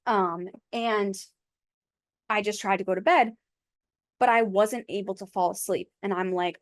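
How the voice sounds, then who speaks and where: A woman's voice: mid-range voice, fairly even intonation, unhurried, pauses often, no room sound. Young woman podcasting into her mic, rambly and frank, lots of "like", dry sound. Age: young adult. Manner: chatty, heavy use of "like", frank. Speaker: podcast host. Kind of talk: casual storytelling. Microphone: own mic.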